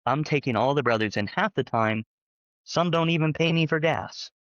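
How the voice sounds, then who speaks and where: A man sharing his experiences in casual conversational storytelling, rambling and animated with lots of fillers. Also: fairly high pitch, moderate pace, no echo, dull audio. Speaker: panel guest, former church member.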